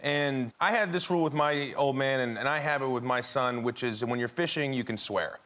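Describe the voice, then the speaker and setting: A man, a talk show guest, telling a story in a halting way with many restarts. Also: medium pitch, fairly bright tone. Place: TV studio.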